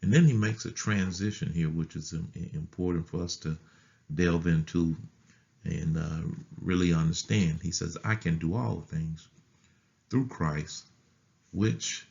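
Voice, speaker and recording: A man pastor teaching a Bible study in a deliberate way, often repeating phrases and restarting words. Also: sits low, creaky, darkish tone, muffled recording.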